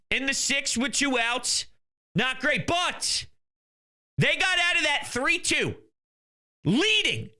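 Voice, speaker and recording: A young man hosts a sports talk show in a very high, piercing, tense voice. His sports commentary comes as rants, delivered in heated, exasperated bursts that often tip into shouting.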